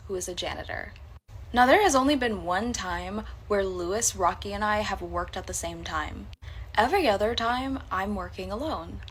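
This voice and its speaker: This storyteller has a medium-pitched, slightly bright voice, with a little hiss or hum in the recording. Speaking casually to camera in a reacted-to clip, she recounts a personal work story bluntly, candidly and with swearing.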